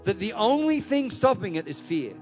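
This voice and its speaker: A man preaching a sermon, telling a story in an animated way before building to an exhortation. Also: sits high, normal speed, soft background music. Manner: animated, anecdotal, rising to exhortation. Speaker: pastor. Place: large church hall. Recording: dull, echoey hall recording.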